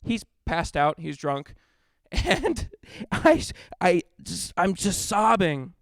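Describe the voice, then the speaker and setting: A young man tells a rambling stand-up story, cutting himself off mid-sentence and laughing at his own lines. His voice sits a little high, with a gravelly, smooth, resonant tone, and the sound is close and dry. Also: animated, measured pace, no echo. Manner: rambling, self-interrupting, laughs at own jokes. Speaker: stand-up comedian. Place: comedy club stage.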